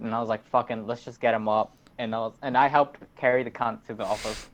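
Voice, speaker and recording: A man's voice: medium pitch, steady tone, quick pace. A teenage man, rambling through a story in casual podcast chat and swearing a lot. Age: teens. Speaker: podcast host. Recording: dull lo-fi recording.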